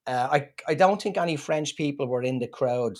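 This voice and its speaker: A man with an Irish accent, a comedian being interviewed, telling stories in a lively, joking way. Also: medium pitch, normal speed. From Ireland. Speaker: guest comedian. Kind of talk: casual chat.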